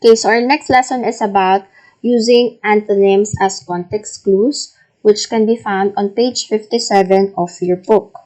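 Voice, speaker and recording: A woman's voice: medium pitch, steady tone, mellow, rough recording. A woman teaching a recorded reading lesson, patiently reading out word lists and checking answers. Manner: slow, patient, repeats and models each word.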